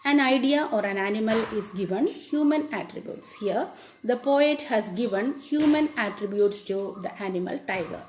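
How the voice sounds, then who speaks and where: A woman teacher, explaining a poem to children and repeating each definition slowly. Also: mid-range voice, a little mellow. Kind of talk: classroom lesson on a poem. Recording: echoey room with faint background noise.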